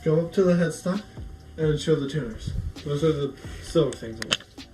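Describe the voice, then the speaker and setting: Showing off a guitar in a casual vlog, a man rambles on with fillers and false starts. His voice is a little high and a little mellow at normal speed, recorded in an echoey room with faint music.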